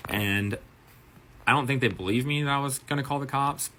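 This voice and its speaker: Speaking at a moderate pace in a medium pitch, this man, who works as a bartender and manager, delivers a profane, animated story-time anecdote. He acts out the quoted lines, and there's background noise behind him.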